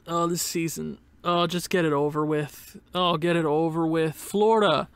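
A man's voice: on the high side, moderate pace, clean tone, no room sound. A man giving casual commentary over a sports game, sarcastic and exasperated, with bursts of pained laughter. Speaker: gaming YouTuber.

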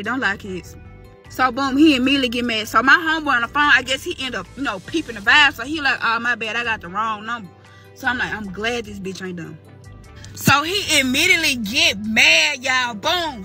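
A young woman from Mississippi recounts a personal story in a loose, slangy storytime, slipping into the voices of the people she quotes. Her voice is strikingly bright and sharp, with faint music playing underneath. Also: high-pitched, moderate pace. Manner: candid, slangy, animated retelling with quoted dialogue. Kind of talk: casual storytime.

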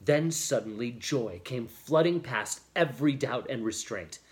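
A man's voice: medium pitch, expressive, a little slow. Man reading a novel aloud. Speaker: audiobook reader.

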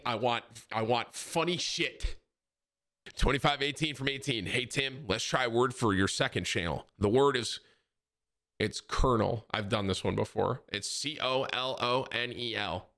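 A man's voice: mid-range voice, normal speed. A man in his thirties chatting casually and jokingly to his live-stream audience, dropping "bro" often. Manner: loud, joking, says bro a lot.

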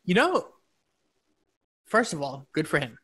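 Young dude cohosting a podcast, kinda higher voice, cracking jokes and laughing. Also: male voice, unhurried, husky. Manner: animated, laughing, joking. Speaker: podcast co-host. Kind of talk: casual chat.

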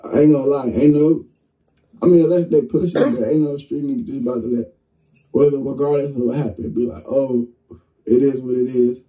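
A young man telling a story with excitement, acting out what people said, in an interview clip. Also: mid-range voice, a little fast, recorded from a distance, poor audio. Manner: excited, vivid, acts out quotes. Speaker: interview guest. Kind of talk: animated storytelling.

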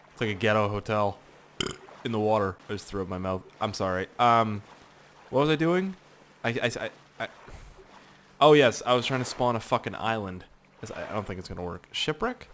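A man giving casual gameplay commentary, talking to himself in a profane, excitable, rambling way. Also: fairly low pitch, a little hiss or hum. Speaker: gaming YouTuber.

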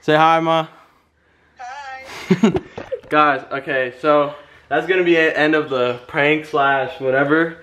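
A man's voice: a little high, steady tone, unhurried, pushed and bright, a little hiss or hum. A young man filming a casual prank vlog, playful and teasing, often laughing as he talks. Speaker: vlogger.

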